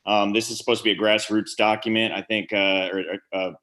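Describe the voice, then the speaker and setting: A man testifying to a committee over a video call, hurried and hesitant with many fillers. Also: lowish voice, flat delivery, sharp tone. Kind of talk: public testimony.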